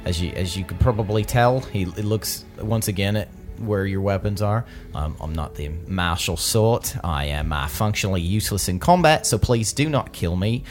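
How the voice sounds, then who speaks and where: A man's voice: fairly low pitch, animated, normal speed, few pauses, faint music behind, lightly acted. A man voicing a nervous, chatty male wanderer who stammers and rambles in a put-on British accent. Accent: British-sounding put-on.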